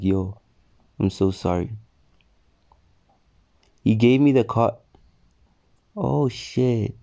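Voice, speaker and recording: A young man casually telling a personal story on his vlog, swearing and acting out the people in it. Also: mid-range voice. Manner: swearing, animated retelling with quoted voices. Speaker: storyteller vlogger.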